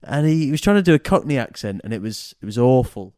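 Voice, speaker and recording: A man's voice: medium pitch, expressive, fast talker, mellow. British guy hosting a podcast, jokey and mocking, loose banter. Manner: joking, mocking. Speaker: podcast host. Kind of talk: casual comedy banter.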